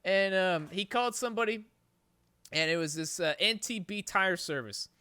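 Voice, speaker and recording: A man tells a story on his podcast in a loose, profanity-heavy, rambling way. His voice sits a bit high and sounds bright and clean. It is recorded dry and close on the mic. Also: normal speed, clean tone, no echo. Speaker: podcast host. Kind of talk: casual storytelling chat.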